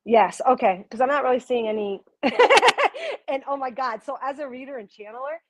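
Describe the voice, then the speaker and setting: Effusive woman channeler, fairly high voice. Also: fast, background noise. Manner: effusive, often exclaims and laughs; speaks directly to viewers in the comments. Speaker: spiritual reader and channeler. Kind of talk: live-stream spiritual talk.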